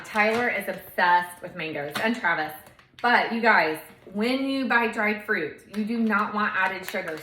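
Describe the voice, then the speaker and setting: A woman's voice: medium pitch, pushed and bright, echoey room, a little hiss or hum, low-quality recording. A woman in her thirties chatting casually through a shopping haul video at home, with lots of asides. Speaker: lifestyle vlogger.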